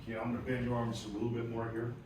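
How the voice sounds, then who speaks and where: A man's voice: medium pitch, rapid-fire, distant mic, background noise. Man with a Southern US accent teaching martial arts in an echoey hall. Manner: calm explaining, with loud barked commands. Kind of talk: teaching a class, calling counts. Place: large echoey training hall.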